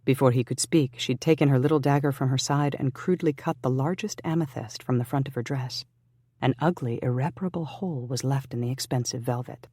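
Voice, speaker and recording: An audiobook narrator reading a historical romance in an even, measured way. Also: mid-range voice, slightly rough, dry recording, studio quality.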